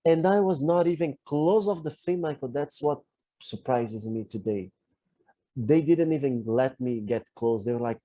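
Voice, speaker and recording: An earnest man talks candidly on a podcast, reflecting on his own experience. His voice is dark and mellow. The sound is dry and close to the mic, with no room around it. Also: mid-range voice, moderate pace, no echo. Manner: earnest, self-reflective storytelling. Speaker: podcast co-host. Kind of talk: candid conversational podcast talk.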